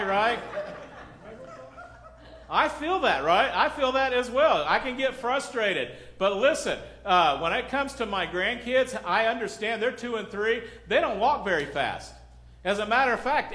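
A middle-aged pastor preaching a sermon in a loose, conversational way, joking, acting out little scenes and asking the congregation questions. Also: male voice, high-pitched, normal speed, pushed and bright. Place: church sanctuary. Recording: echoey church hall.

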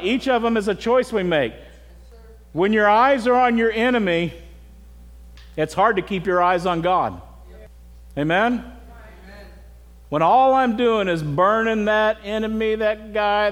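A middle-aged man preaches with a high, earnest voice, turning often to his listeners with direct questions. His words ring out with a long reverb, as if in a large church sanctuary. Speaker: pastor. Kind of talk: sermon.

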